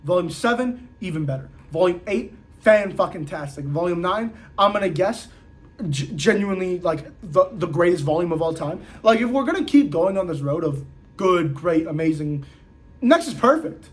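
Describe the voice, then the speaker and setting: A young man reviewing manga in a casual vlog, excitable, swearing often and saying "like" a lot. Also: sits high, normal speed.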